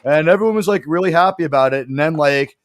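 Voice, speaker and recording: A man with a slightly high voice tells quick stories with a dry, wry humour. He sits very close to the microphone, and the sound is dry with no room in it. His talk is joking and offhand. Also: no room sound. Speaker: co-host. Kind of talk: casual chat.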